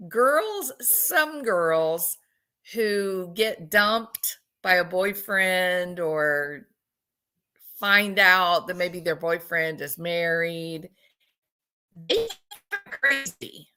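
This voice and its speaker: Chatty woman analyzing video, bright voice. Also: fairly low pitch, drawn-out words, smooth. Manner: chatty, conversational, asks viewers questions. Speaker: commentator analyzing body language. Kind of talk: casual commentary over video clips.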